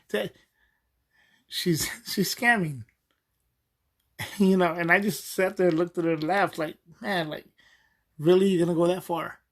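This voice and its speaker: A man hosts a podcast in a loose, rambling monologue, his voice sitting a little high. He wanders through his stories with lots of ums and restarts and often chuckles as he goes. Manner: rambling, with many fillers and restarts. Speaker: podcast host.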